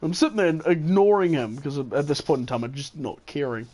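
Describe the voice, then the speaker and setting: A gaming channel host from New Zealand tells a gaming story in a casual, rambling way, chuckling and correcting himself as he goes. His voice is fairly high, expressive, and a little mellow, and he speaks fairly quickly.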